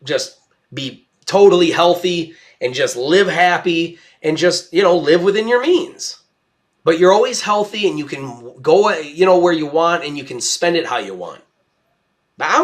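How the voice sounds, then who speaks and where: Rambling young man with a higher voice. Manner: rambling and emphatic, with frequent restarts. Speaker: podcast host. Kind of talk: casual monologue. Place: at home with his dog.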